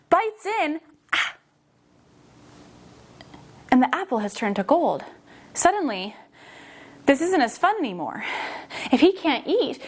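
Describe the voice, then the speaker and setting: High-voiced, energetic woman storyteller. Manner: energetic, encouraging, exclamatory. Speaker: children's movement teacher and storyteller. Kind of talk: guided kids' yoga storytelling.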